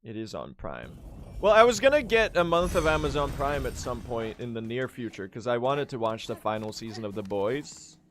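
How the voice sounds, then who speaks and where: A man's voice: mid-range voice, sing-song, normal speed. A young man streaming a game speedrun, chatting casually in a rambling, self-deprecating way and laughing often.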